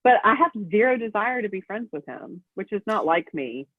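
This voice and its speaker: A woman's voice comes through a thin, phone-like line with a dry, close sound. She tells a personal story as a guest in a casual interview. She talks in a lively way and acts out the voices of the people in it. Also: medium pitch, normal speed, dry recording. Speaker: guest, prison matchmaker.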